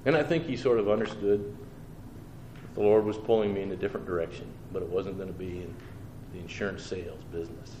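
A preacher shares his personal testimony in an earnest, homespun way, acting out his own thoughts and replies. His voice is low and mellow with fairly even intonation, and he talks fast; the recording is roomy with faint background noise.

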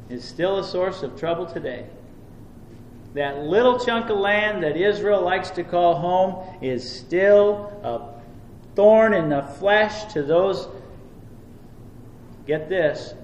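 A man's voice: on the high side, a little mellow, muffled recording, slight background noise. A middle-aged male pastor preaching a sermon. He reads scripture aloud in old-fashioned wording and stresses points with emphatic repetition. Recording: echoey church hall with faint ambience.

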